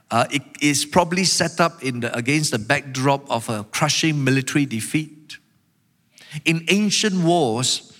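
A man preaching from the pulpit, slow and deliberate, his mid-pitched voice carrying long reverb around a church hall. He leans into emphatic passages, pressing each line hard. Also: fairly bright tone. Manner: emphatic preaching, voicing the psalmist's complaints with rising intensity. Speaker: pastor. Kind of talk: sermon.

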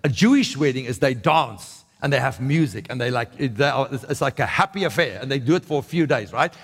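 A man's voice: medium pitch, animated, a little fast, gravelly, breathy edge, long reverb tail. A man preaching a sermon in a conversational way, often checking in with "right?" and restarting his sentences. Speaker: pastor.

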